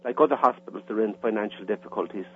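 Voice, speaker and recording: A man's voice: fairly low pitch, quick pace. A man with an Irish accent, a caller on a radio interview, explaining plainly with some hesitations. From Ireland. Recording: tinny phone line with faint hum.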